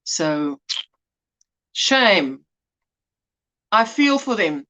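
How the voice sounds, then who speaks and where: Lively, chatty woman hosting a livestream. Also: sits high, slow, long pauses. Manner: greets viewers by name, warm pet names, laughs often. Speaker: livestream host. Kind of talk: casual livestream chat. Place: indoors at home.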